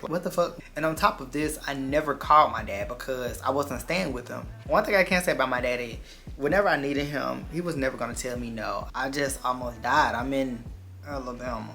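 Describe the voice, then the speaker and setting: A man vlogger telling a dramatic personal story in an animated, profane, emphatic way. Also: medium pitch, fairly quick, soft background music. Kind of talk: storytime vlog.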